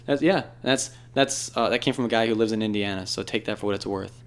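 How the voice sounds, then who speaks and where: A man with a Chicago accent chatting casually as a podcast co-host, telling animated stories and mimicking people. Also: lowish voice. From Chicago area. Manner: fast, animated storyteller who does voices. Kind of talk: casual chat.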